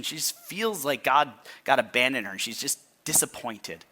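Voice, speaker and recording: Animated, bright-voiced man preaching casually. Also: fairly high pitch. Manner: conversational, halting restarts, asks listeners to mark the text. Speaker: pastor. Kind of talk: sermon.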